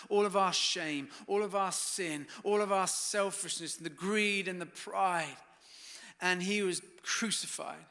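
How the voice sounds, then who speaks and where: A man's voice: high voice, pushed and bright, long reverb tail. A man preaching a sermon as pastor, telling stories dramatically and building to fervent peaks. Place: church hall.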